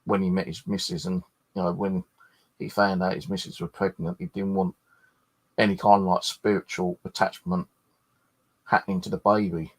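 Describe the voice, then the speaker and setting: A man's voice: low voice, level tone, normal speed, pauses often. A tired man chatting casually as a ghost hunter, swearing freely and wandering off track with lots of restarts. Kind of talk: rambling casual chat.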